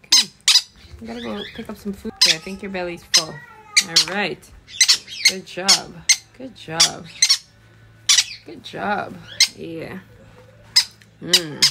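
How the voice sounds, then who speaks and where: A woman's voice: slow pace, vocal fry, pauses often. A mother in her thirties filming a casual family vlog at home, talking to her pets and soothing her crying child in a sing-song voice. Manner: talks to pets and kids in high sing-song baby talk, soothing. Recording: loud household noise on phone video. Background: pet birds squawking, children.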